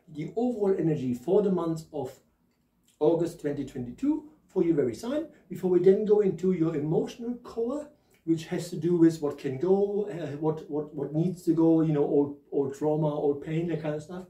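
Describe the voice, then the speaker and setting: A German-accented man with a slight lisp from new dentures hosts a casual spoken tarot reading, chatty and jokey, laughing at himself. His voice is on the high side with a dark tone. The low-quality recording is reverberant, with him far from the mic.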